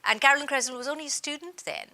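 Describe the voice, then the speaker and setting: A woman from India giving a recorded business training presentation in a lively, emphatic teaching style. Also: high voice, very fast. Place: based in Australia.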